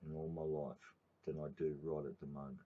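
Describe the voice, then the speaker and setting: A man's voice: very deep voice, little pitch movement, a little fast, narrow, tinny audio. A middle-aged man with an Australian accent, talking in a rambling late-night livestream monologue to his channel, with plenty of fillers and swearing. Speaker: activist channel host.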